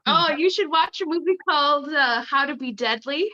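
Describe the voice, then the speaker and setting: A woman's voice: sits high, moderate pace, bright, forceful tone. A woman from Canada, a podcast guest, chatting casually and laughing often. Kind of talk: casual interview chat. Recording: slightly muffled lo-fi audio.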